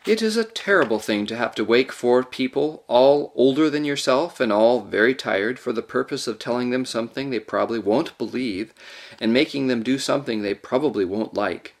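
A man narrating a children's story aloud with expressive storytelling. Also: mid-range voice, normal speed. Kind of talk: audiobook reading of a children's story.

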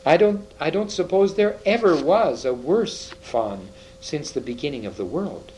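A sorrowful, gentle faun from a storybook, as a man reading aloud puts him on. He speaks between sobs and deep groans, his voice lifting higher than ordinary speech and rising and falling a great deal. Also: animated, unhurried, a little hiss or hum, poor audio. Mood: sobbing, guilty. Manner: sobbing, groaning pleas. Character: gentle sorrowful male faun, tearful and guilt-ridden.

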